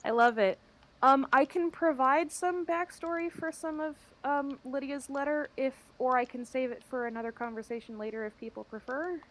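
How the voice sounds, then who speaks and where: A woman player in a tabletop game, talking casually with soft hesitations and fillers. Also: high-pitched, normal speed, a little hiss or hum, poor audio.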